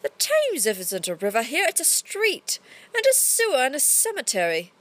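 A woman reading a story aloud, voicing a quiet, wistful playwright with a put-on English accent. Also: high voice, huge pitch swings, moderate pace, voice pushed up, exaggerated voice. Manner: quiet, gentle and reflective.

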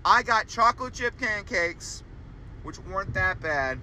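A young man hosting a solo podcast, ranting in a profane, exasperated way and jumping into loud high outbursts. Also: expressive, measured pace, a little hiss or hum, low-quality recording. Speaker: podcast host.

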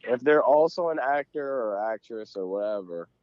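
A man co-hosting a casual podcast chat, loud and excitable, swearing freely. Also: medium pitch, normal speed, dry recording. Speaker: podcast co-host. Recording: dull, lo-fi sound.

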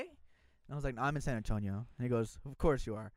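A man's voice: medium pitch, quick pace, dry recording, clean studio sound. A young man casually telling a story to friends, acting out the voices of the people in it. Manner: animated storytelling, acts out quoted voices. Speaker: storyteller in group chat. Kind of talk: casual chat.

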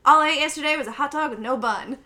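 A woman voicing a bubbly, excitable pregnant young woman, gushing in a high, giddy voice. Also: fast talker. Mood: sweet chatter.

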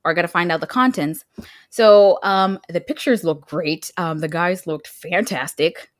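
A woman's voice: fairly low pitch, normal speed, no echo, studio quality. A woman co-hosting a podcast in casual chat, laughing and filling her talk with "like" and "um". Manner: laughing, chatty, lots of fillers. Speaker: podcast co-host.

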